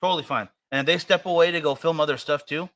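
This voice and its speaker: Bright-voiced rambling American man. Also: fairly high pitch, quick pace. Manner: rambling, hesitant, many fillers and restarts. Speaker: podcast co-host. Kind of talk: casual chat.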